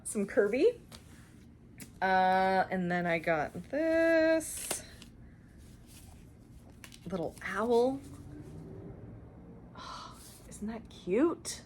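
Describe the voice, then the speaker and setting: A woman's voice: fairly high pitch, slight background noise. A young woman from Canada hosting a cross-stitch channel, chatting casually and gushing over her shopping finds. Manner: gushing, chatty, lots of fillers and laughs. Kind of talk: casual show-and-tell chat.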